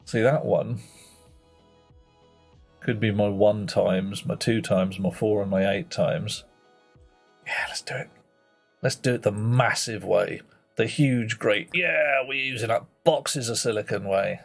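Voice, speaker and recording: A man's voice: lowish voice, fairly even intonation, unhurried, creaky, pauses often, soft background music. A man streaming a puzzle game live, thinking aloud in a playful way and muttering to himself as he works.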